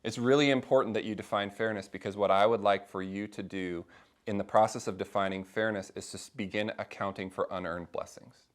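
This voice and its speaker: Talking briskly in a lowish voice, this middle-aged man runs a faith discussion group. He chats casually with the small group, full of energy, and performs the voices of anyone he quotes.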